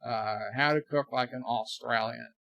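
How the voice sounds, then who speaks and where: Streaming from his bedroom, an American host reads out viewer comments, joking and rambling with animated asides. He speaks a little slowly in a medium-pitched voice with vocal fry, and the recording is dry.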